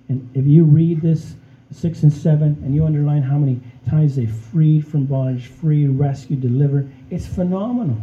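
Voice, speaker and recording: A man's voice: fairly high pitch, normal speed, hardly any pauses, dull audio. A man preaching a sermon in a conversational way, often checking in with "okay?" and addressing the congregation as friends. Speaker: pastor.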